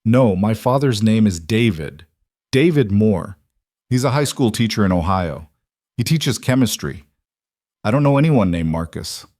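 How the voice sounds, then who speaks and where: A man's voice: fairly low pitch, expressive, measured pace, darkish tone, dry recording, studio quality. A man voicing a terrified young woman graduate student who stammers and pleads. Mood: pleading, frightened.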